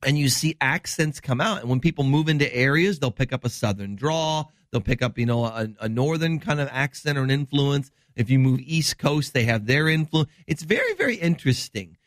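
A man's voice: mid-range voice, lively intonation, brisk, hardly any pauses, dry recording, studio quality. A middle-aged man from Wisconsin, a doctor hosting a health show, explaining news in rambling, enthusiastic casual chat.

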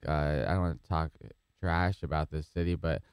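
A man's voice: a bass voice, a little fast, creaky, clean tone, no room sound, studio quality. A male comedian chatting as a podcast guest, joking and teasing himself. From San Diego area, USA. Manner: joking, self-mocking. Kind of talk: casual podcast chat.

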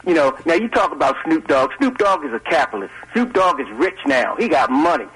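An older man calls in to a radio show, folksy and argumentative. His voice is husky yet pitched fairly high for a man. He comes through a phone line. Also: big pitch swings, a little fast, fairly bright tone. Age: 70s. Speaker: caller. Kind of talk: call-in radio debate.

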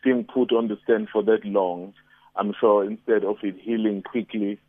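A reporter phones in with a calm, explanatory tone, his voice a little low. The tinny phone line makes him sound thin and dry. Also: moderate pace, dry recording.

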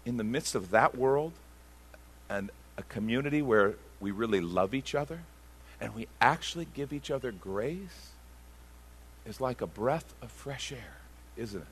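A man preaching a sermon as pastor, conversational and passionate, with sudden loud bursts. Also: medium pitch, slight background noise.

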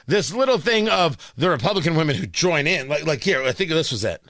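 A man's voice: fairly high pitch, very animated, fairly quick, a bit bright, dry recording. A man from New York with a New York accent, a morning talk radio host giving a sarcastic, combative monologue and often repeating words as he rambles.

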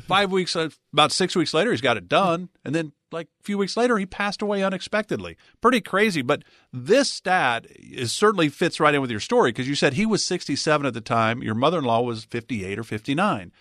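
A man's voice: a little high, animated, a little fast, hardly any pauses, fairly bright tone, no echo, clean studio sound. A man hosting a financial radio talk show, chatting conversationally and reading out a phone number. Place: radio studio. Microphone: studio mic.

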